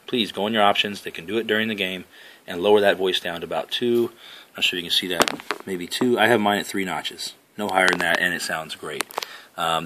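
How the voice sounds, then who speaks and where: Low-voiced man casually explaining game settings. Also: a bit bright. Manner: explains step by step, repeats points, many fillers. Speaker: gaming headset reviewer. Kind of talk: casual tutorial talk to camera.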